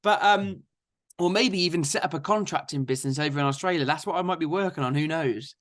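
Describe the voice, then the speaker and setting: A young man, telling his story in a lively, chatty interview. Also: a little high, fast. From England. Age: 20s. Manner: chatty, energetic anecdotes with frequent "so therefore". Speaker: guest farmer.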